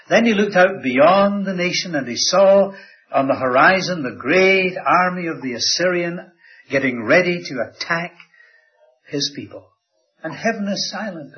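A man preaching a sermon, swinging his voice up and down for emphasis. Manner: dramatic rises and drops in pitch and volume. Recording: dull lo-fi sermon recording.

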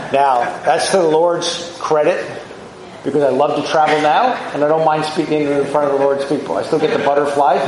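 A man's voice: mid-range voice, roomy sound, a little hiss or hum, low-quality recording. A man preaching a sermon, teaching through Bible verses in a conversational, reflective way with rhetorical questions.

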